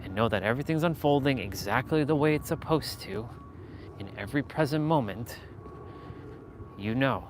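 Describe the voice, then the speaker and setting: A man's voice: mid-range voice, expressive, normal speed, pauses often. Motivational vlogger, male, talking emphatically while walking outdoors, faint street noise. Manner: earnest, emphatic, repeats phrases.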